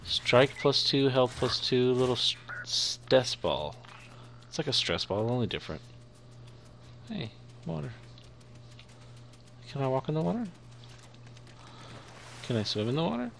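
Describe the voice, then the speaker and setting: A man's voice: mid-range voice, very animated, measured pace, creaky, pauses often, a bit bright, slight background noise. A young man giving playful let's-play commentary, chatting to the creatures on screen as he plays. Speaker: gaming YouTuber.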